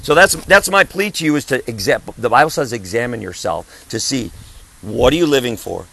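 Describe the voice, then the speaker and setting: Gravelly, emphatic preaching man in his fifties. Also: mid-range voice, animated, fairly quick, bright, forceful tone, poor audio. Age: 50s. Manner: emphatic, insistent, repeats his phrases. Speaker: traveling evangelist. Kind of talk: preaching in conversation.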